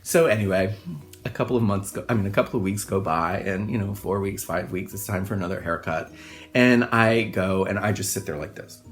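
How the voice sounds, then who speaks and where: A middle-aged man, a hairstylist, telling a personal childhood story in an animated, expressive way, acting out the scenes. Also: sits low, fairly quick, soft background music.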